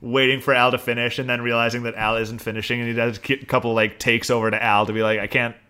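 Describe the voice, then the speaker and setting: Male podcast co-host, bright and forward tone, animated casual chat. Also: mid-range voice, quick pace, clear, resonant tone. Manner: animated, laughing, acts out quoted lines. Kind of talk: casual chat recapping a TV episode.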